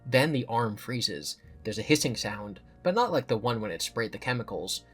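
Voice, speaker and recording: A man's voice: medium pitch, animated, normal speed, fairly bright tone, breathy edge, soft background music. A man from the US East Coast hosting a channel, reading an interactive horror novel aloud with playful asides. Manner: playful, joking asides between narration. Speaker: channel host and reader.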